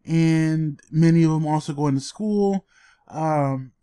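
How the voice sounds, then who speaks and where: A man's voice: a little high, takes it slowly, warm tone, smooth, no echo, clean studio sound. A man co-hosting a podcast in casual chat, laid-back and laughing often. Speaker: podcast co-host.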